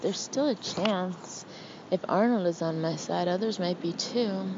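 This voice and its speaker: A woman narrating an audiobook in the first person, with an expressive, intimate, anxious delivery. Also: on the low side, a little slow, muffled recording, noisy background.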